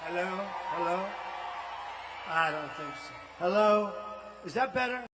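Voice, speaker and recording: A man's voice: high-pitched, animated, fairly quick, long reverb tail, background noise. Older man rambling at a rally. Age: 70s. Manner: rambling, off-the-cuff, boastful. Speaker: political candidate. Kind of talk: campaign rally speech. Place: large rally venue. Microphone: stage microphone.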